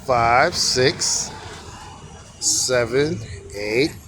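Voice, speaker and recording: A man's voice: medium pitch, animated, drawn-out words, fairly bright tone, slight background noise. A man teaching on camera in a casual, easygoing, informal way. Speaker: calligraphy teacher.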